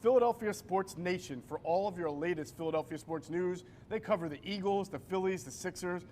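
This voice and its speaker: A man's voice: high voice, brisk, darkish tone, slight background noise. Upbeat man hosting a pregame show. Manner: upbeat, reads promos. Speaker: show host.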